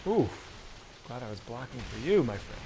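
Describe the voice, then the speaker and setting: Against a noisy background, a man with a mid-range voice plays a video game on stream at a normal pace. He chats loosely and energetically with his audience, swearing freely and answering their messages.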